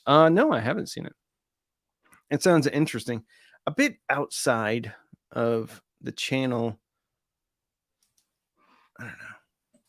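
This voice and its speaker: A man with a gravelly, fry-edged voice hosts a casual live stream, reading viewer comments aloud and chatting back at them. The sound is close and dry, with no room around it. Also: mid-range voice, no room sound. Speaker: host of an audio gear channel.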